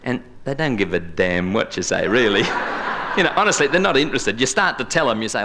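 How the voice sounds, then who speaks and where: A man's voice: medium pitch, big pitch swings, a little fast, sharp tone, a little hiss or hum. An Australian man doing live stand-up comedy, rambling and joking through stories on a theatre stage. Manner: chatty, rambling, jokey storytelling. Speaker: comedian and singer. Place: large theatre stage before a live audience. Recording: live stage recording with music.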